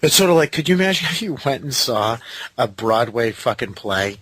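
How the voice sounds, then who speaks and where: A man's voice: mid-range voice, sing-song, a little fast, fairly bright tone, breathy edge, no echo. A man co-hosting a casual wrestling review, incredulous and profane, riffing on hypotheticals. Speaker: podcast co-host.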